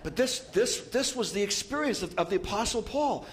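A man preaching a sermon as pastor, lively and joking with asides. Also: high voice, moderate pace. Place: church.

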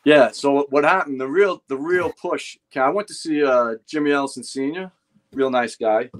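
A man's voice: mid-range voice, normal speed. Profane New York storyteller, older man. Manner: profane, animated anecdotes with acted-out quotes. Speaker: guest, retired fire lieutenant. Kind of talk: casual storytelling chat.

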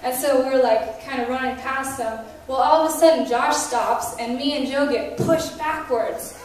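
A woman with a high voice tells testimonies at a conference in animated style. She acts out quoted dialogue and laughs between lines. She is heard from a distance in a very echoey hall. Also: moderate pace. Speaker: conference speaker sharing testimonies. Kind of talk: testimony storytelling.

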